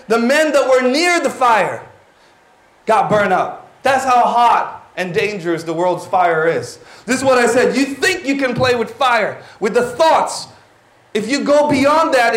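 A man, preaching a lively, exclaiming sermon to his church. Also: extremely high pitch. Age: 40s. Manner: animated, exclaiming, drops in Tagalog words. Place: church hall. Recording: roomy church hall.

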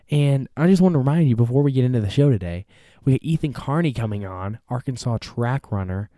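A young man hosting a casual sports talk show, energetic and rambling, with many fillers and restarts. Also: medium pitch, no room sound, studio quality. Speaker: podcast host.

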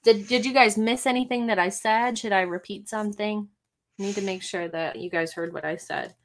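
Chatty young woman hosting a livestream. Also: medium pitch. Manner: chatty, reads aloud haltingly, teasing. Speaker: livestream co-host reading stories. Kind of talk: casual livestream chat. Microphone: computer mic over a video stream.

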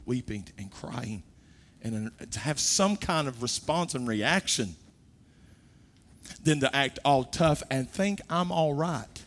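A man preaching a sermon, moving from quiet, low talk to loud, high-pitched exhortation. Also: lively intonation, takes it slowly.

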